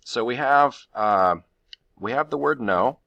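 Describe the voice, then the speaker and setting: Bright-toned male teacher explaining grammar. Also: medium pitch, expressive, a little slow, vocal fry, muffled recording. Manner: explanatory, talks through steps with fillers. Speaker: Spanish teacher. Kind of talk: recorded grammar lesson.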